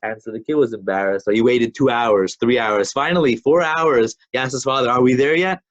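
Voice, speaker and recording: A man's voice: mid-range voice, brisk, highs cut off. A man giving an informal Torah class, talking conversationally with frequent restarts and telling stories. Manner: conversational, many restarts and fillers, storytelling. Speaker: Torah teacher.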